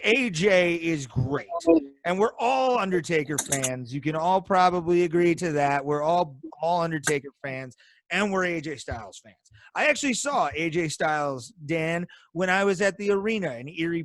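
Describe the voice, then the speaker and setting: A man's voice: on the high side, expressive, moderate pace, fairly bright tone. A man co-hosting a podcast, delivering an angry, profanity-heavy rant over a video call. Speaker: podcast co-host. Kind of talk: casual podcast chat.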